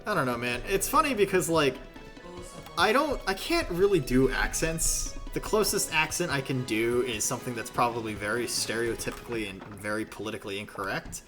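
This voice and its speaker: A man's voice: medium pitch, expressive, brisk, music in the background. Rambling, self-deprecating male streamer. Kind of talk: casual gaming stream commentary.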